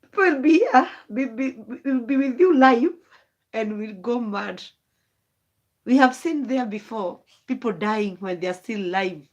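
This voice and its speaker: A woman's voice: fairly high pitch, measured pace, highs cut off. A rambling woman. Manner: rambling, emotional, wandering thoughts. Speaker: vlogger. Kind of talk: late-night live stream monologue.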